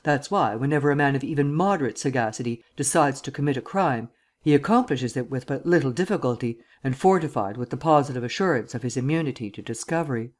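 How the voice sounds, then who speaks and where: A male audiobook reader voicing a witty, condescending gentleman detective with an airily superior, drawling manner. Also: mid-range voice, quick pace, natural voice. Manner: drawling, airily superior, archaic upper-class phrasing. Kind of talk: audiobook character reading.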